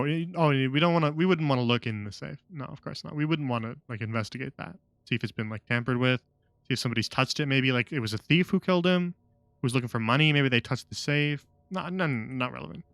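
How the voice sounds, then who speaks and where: A man's voice: a little high, bright, forceful tone, dry recording. A man streaming a game live, with sarcastic, joking commentary and frequent laughs.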